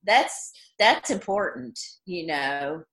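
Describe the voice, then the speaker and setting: Woman, sixties, guest author, bright tone, reflective, casual interview. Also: on the low side, animated, takes it slowly. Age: 60s.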